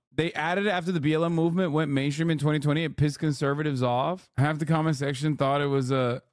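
A man's voice: medium pitch, smooth, dry recording, clean studio sound. A man hosting a live stream, reacting to video clips with mocking, profane commentary and laughing asides. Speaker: streamer host.

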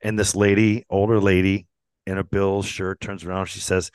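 Low-voiced man telling a rambling story. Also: little pitch movement, moderate pace, darkish tone, smooth, no room sound. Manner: rambling, self-interrupting storyteller who chuckles often. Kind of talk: casual anecdote telling.

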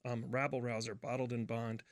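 A man's voice: medium pitch, flat delivery, a little fast, no room sound, clean studio sound. A man from a distillery, explaining a whiskey in an upbeat way. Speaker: distillery guest. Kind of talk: interview answers.

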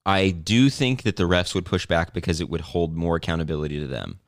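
Deep smooth guy hosting a basketball pod, playful and rambly, dry sound. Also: a little fast, dry recording. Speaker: podcast host. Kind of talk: casual sports podcast chat.

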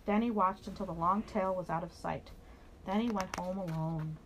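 A woman reading a children's picture book aloud in an expressive storytelling voice. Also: lowish voice, normal speed, a little hiss or hum, low-quality recording.

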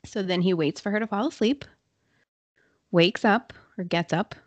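A woman hosting a podcast, telling a true crime story in a casual, chatty way with quick asides and fillers. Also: mid-range voice, dry recording. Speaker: podcast host.

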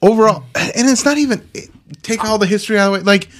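A man's voice: sits high, fast talker, fairly bright tone. A man hosting a casual comedy podcast, pushy and teasing, swearing freely and laughing often. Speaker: podcast host.

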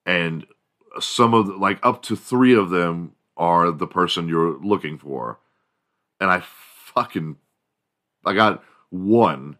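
A man in his forties with a deep, low voice, rambling through a solo monologue. His talk is loose, laid-back and full of swearing, drifting from one story to the next. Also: slow, a bit bright. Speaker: podcast host.

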